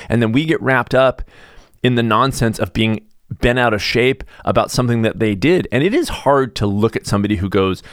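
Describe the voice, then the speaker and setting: A middle-aged man hosting a podcast, delivering an animated casual monologue, full of restarts, and mocking others in sudden high voices. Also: brisk, no room sound, studio quality. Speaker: podcast host.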